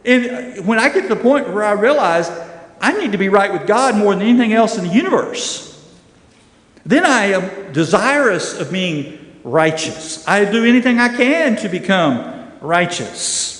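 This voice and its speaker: Middle-aged male Bible class teacher, animated, high-pitched, recorded in a reverberant church room. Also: a little slow. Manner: animated, acts out quoted voices. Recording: echoey room with long reverb.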